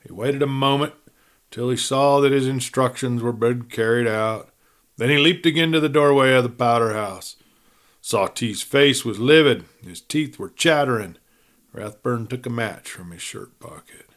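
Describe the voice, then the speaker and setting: A man narrating a western novel at a measured, even pace as host of a storytelling series. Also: mid-range voice. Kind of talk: audiobook-style reading aloud.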